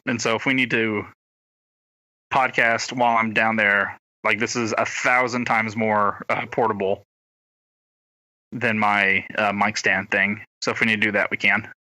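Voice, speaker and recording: Young male co-host, meandering and self-deprecating, headset mic. Very bright tone, dry room. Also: fairly low pitch, flat delivery, a little slow, no echo, low-quality recording. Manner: rambling, self-deprecating, trailing off with fillers. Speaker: podcast co-host. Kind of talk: casual chat. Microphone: gaming headset.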